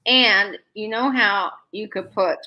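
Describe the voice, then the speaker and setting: A woman's voice: mid-range voice, slow pace, sharp tone, lo-fi sound. A woman co-hosting a casual live chat, chatty and self-deprecating, often laughing at herself. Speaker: co-host.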